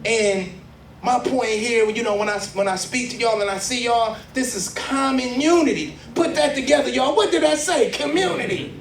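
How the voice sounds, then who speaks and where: High-pitched man speaking with rhythmic fervor. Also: moderate pace, creaky, slight background noise. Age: 40s. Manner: rhythmic, preacherly, rising to loud emphatic peaks. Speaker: exonerated speaker at a book launch. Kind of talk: impassioned spoken-word speech to a crowd. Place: community event hall with audience. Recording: echoey hall, mic from far off.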